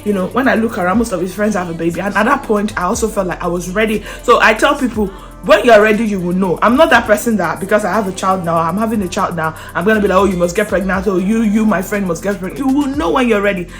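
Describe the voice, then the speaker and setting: A young woman vlogger telling a personal story in casual, animated chat, often breaking into laughter. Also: medium pitch, quick pace, soft background music. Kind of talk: casual chatty storytelling to camera.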